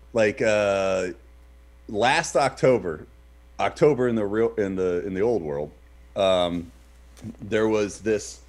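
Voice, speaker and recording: A man co-hosting a casual podcast, telling a story with lots of fillers and loud, shouted reenactments of what people said. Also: fairly low pitch. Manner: animated, shouts in reenacted quotes. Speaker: podcast co-host.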